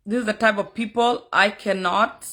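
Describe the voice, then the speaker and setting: A woman's voice: mid-range voice, fairly even intonation, normal speed, sharp tone. A woman streaming live as a content creator, scolding commenters in a heated rant and switching between English and another language. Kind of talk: angry livestream rant at commenters.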